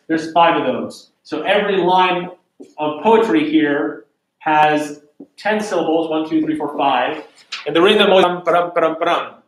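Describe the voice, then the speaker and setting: A man's voice: fairly high pitch, a bit bright. A man teaching a lesson on Shakespeare, explaining step by step with many fillers and restarts, and reading verse aloud. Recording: echoey room.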